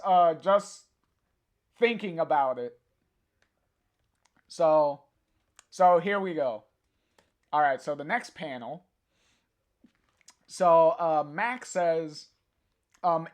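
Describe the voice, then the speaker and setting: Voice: mid-range voice, fairly bright tone. A live-stream host casually reading a comic aloud and chatting with viewers, stumbling through many fillers and restarts. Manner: hesitant, full of filler sounds and restarts; chats directly to a viewer in the live chat.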